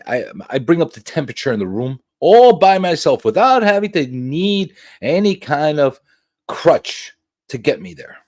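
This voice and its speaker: A man's voice: on the high side, darkish tone. A man hosting a casual livestream talk show, joking with his panel, swearing freely and drawing out his points with emphatic asides.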